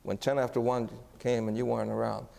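A man's voice: mid-range voice, level tone, a little fast, creaky, darkish tone. A man preaching as a pastor, telling a story earnestly and asking the congregation questions. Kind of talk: sermon storytelling. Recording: echoey hall.

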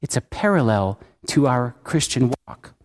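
A man's voice: mid-range voice, animated, a little slow. A man preaching a sermon in an earnest way, often asking his listeners questions. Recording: reverberant hall.

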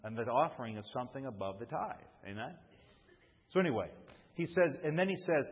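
A man preaches a sermon from a church pulpit in a husky voice, often restarting his phrases and calling out to the congregation for a response. The sound is dull and muffled, with a long reverb trailing off through the sanctuary. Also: medium pitch, big pitch swings, brisk. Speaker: pastor.

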